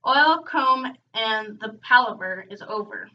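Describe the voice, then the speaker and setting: A woman reading a children's book aloud, expressive, breaking off now and then for casual chatty asides. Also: on the high side, slow pace. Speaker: reader hosting a read-aloud channel. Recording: dull, distant home recording.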